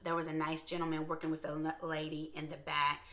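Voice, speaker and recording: A woman vlogger chatting casually through a shopping haul story, animated and talkative. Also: sits low, a little fast. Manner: chatty, animated, acts out quiet store voices.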